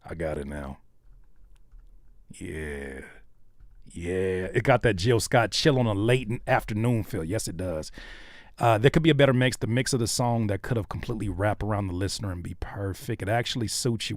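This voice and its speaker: A man hosting a live stream, reacting to viewers' songs with joking, animated commentary that swings from hushed to loud. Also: lowish voice, normal speed, no echo, clean studio sound. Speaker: host reacting to viewer music.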